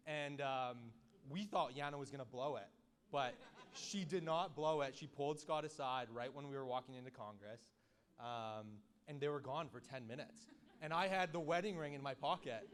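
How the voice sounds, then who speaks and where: A man's voice: mid-range voice, moderate pace, a little hiss or hum. A young man telling a joking story as a friend's wedding speech into a handheld microphone at a reception. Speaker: wedding speaker, groom's friend.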